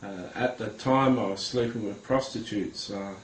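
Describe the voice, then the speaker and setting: Man, lower register, earnest personal testimony, hesitant delivery, talks straight to the viewer; echoey room. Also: slight background noise. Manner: earnest, halting, many hesitations, addresses viewers directly. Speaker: Christian recounting a vision. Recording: roomy with faint ambience.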